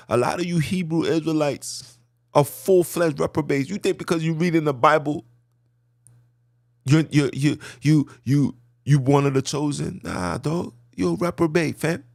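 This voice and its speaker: A man's voice: fairly high pitch, moderate pace, vocal fry, no room sound. A man hosting a podcast, giving impassioned religious talk with street slang. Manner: passionate, preachy, street slang. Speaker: podcast host.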